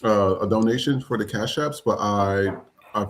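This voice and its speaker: A man's voice: on the low side, moderate pace, a little hiss or hum, poor audio. A man hosting a live podcast, chatting casually with many fillers and restarts. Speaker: podcast host. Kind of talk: casual live-stream chat.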